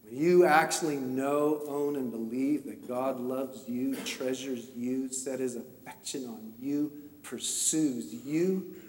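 A man preaching a sermon through a personal story, talking with emotion that swells into impassioned shouting. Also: medium pitch, steady tone, a little slow, hardly any pauses, a little hiss or hum. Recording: echoey hall, voice from far off.

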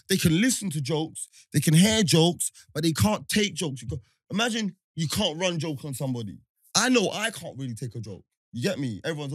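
A man's voice: fairly high pitch, slightly rough, no echo, clean studio sound. A man, a podcast co-host arguing in heated casual banter, insistent and slangy. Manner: insistent, talks over others, slang-heavy.

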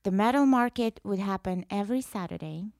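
A woman's voice: medium pitch, brisk, no echo, studio quality. A woman from Russia, a guest telling brash, profane stories in a casual podcast interview. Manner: brash, profane, animated storytelling.

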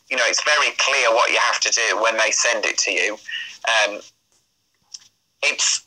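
A man's voice: mid-range voice, bright, forceful tone, rough recording. A man chatting as an interview guest, rambling with many fillers and restarts. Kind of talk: casual interview chat.

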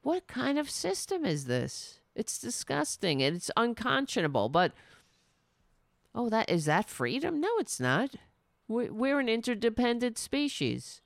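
Slow, lively-voiced woman ranting about politics. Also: a little high, creaky, no echo, studio quality. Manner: indignant, ranting, sarcastic. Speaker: host. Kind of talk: political commentary.

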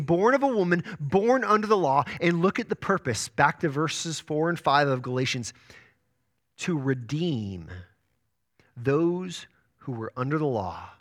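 Pastor, male, slightly higher voice, earnest sermon delivery, builds and drops, restarts words. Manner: earnest preaching with sharp rises and soft drops.

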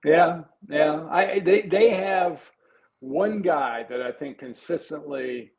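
A man in his sixties, a former player appearing as a guest analyst on sports talk radio, speaking in an easygoing, halting way with frequent restarts. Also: fairly high pitch, vocal fry, highs cut off, a loud crowd.

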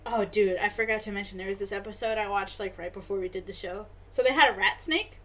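A woman co-hosting a podcast, chatting in a wry, casual way that often trails off softly. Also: mid-range voice, fast talker. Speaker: podcast co-host. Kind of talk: casual chat.

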